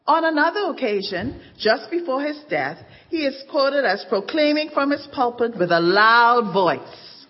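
Lady telling a church story, kinda high voice, muffled with big hall echo. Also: animated. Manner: measured storytelling with dramatic emphasis. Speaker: narrator. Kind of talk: scripted narration. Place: church event stage. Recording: dull recording in an echoing hall.

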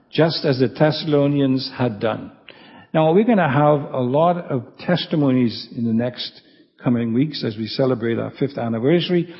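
A pastor giving an earnest expository sermon, slowing down to stress scripture as he reads it aloud. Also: mid-range voice, in a large hall, dull audio.

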